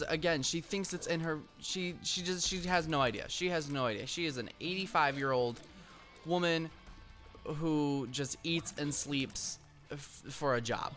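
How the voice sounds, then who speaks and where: A man's voice: on the high side, pushed and bright. A young man hosting a gaming channel, telling a story in a rambling casual way with lots of ums while playing. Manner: rambling, frequent ums, bursts of frustration at the game. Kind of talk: casual gameplay commentary and storytelling. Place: at home.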